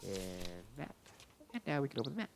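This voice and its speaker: A man's voice: medium pitch, very animated, fairly quick, creaky, background noise. A young man chatting casually through a game live stream, rambling and playful, reading the game's dialogue aloud.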